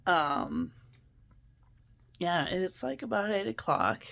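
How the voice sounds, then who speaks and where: A woman's voice: fairly low pitch, animated, slow pace, creaky, a bit bright. A woman vlogger chatting casually about her day, rambling with lots of fillers. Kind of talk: casual daily vlog chat.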